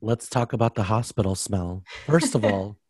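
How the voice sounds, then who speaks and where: A man co-hosting a casual podcast, animated and profane, who often acts out other people's voices. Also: lowish voice, normal speed, slightly rough, no room sound, studio quality. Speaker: podcast co-host.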